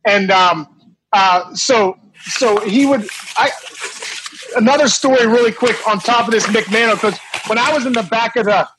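A middle-aged man, a former ballplayer, telling a lively anecdote in a casual, animated way with many restarts. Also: sits high, normal speed, background noise. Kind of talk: casual storytelling.

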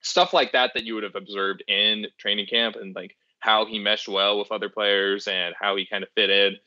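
A man's voice: fairly low pitch, level tone, normal speed, sharp tone, no room sound, lo-fi sound. A man co-hosting a hockey podcast in casual chat, rambling with many fillers and restarts. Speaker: podcast co-host.

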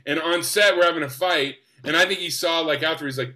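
A young man from the United States, an actor guest, telling stories in an enthusiastic, animated way. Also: fairly high pitch, quick pace, few pauses. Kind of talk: casual storytelling.

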